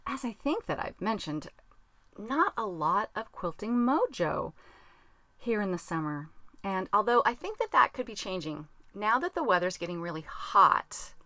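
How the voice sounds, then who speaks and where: Woman podcast host rambling chattily from a tiny closet, bright and dry, laughs at herself. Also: mid-range voice, big pitch swings, moderate pace, dry recording. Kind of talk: casual chat. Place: small closet.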